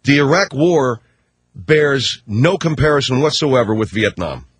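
A man's voice: medium pitch, animated, measured pace, breathy edge, dry recording. A man ranting on talk radio in a combative, sarcastic, mocking way. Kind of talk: radio rant.

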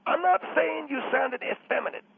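A man's voice: extremely high pitch, animated, normal speed, vocal fry, full character voice. An actor playing a pushy, lecturing pastor who calls in to a radio show, stammering as he scolds the host. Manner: lecturing, stammering, mimics with squeals. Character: pushy preachy male pastor caller, middle-aged. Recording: tinny phone line with faint hiss.

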